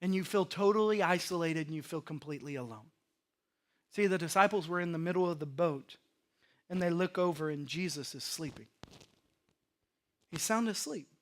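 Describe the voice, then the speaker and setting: A male pastor preaching a sermon to a congregation, animated, acting out panicked inner voices and swinging between loud emphasis and soft lows. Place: church sanctuary.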